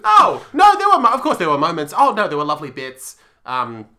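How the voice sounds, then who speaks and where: Young male podcast co-host, animated and bright, rambling chat full of laughs. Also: fairly high pitch, fast. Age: young adult. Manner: rambling, self-deprecating, laughs often. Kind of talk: casual chat.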